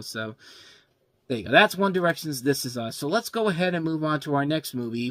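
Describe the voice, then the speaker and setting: A man's voice: mid-range voice, no room sound. A man hosting a casual movie review show, rambling and stumbling over names as he talks.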